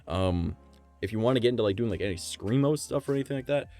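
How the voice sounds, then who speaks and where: Male streamer, very low, gravelly, lively swings, rambling and swearing, faint music behind. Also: fast. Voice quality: gravelly, vibrating voice. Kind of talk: casual live-stream chat.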